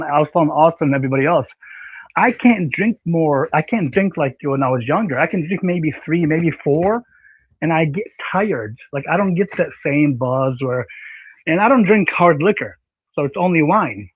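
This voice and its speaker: A man's voice: fairly high pitch, moderate pace, slightly rough, no echo. Rambling man on a dull dry stream mic. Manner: rambling, animated, many fillers. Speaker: panel stream host. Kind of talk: casual online panel chat. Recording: slightly dull dry audio.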